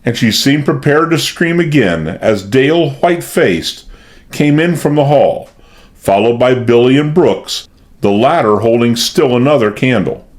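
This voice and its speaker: A man's voice: mid-range voice, expressive, a little slow. A man narrating a classic mystery audiobook in a dramatic, suspenseful reading. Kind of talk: scripted narration of a mystery novel.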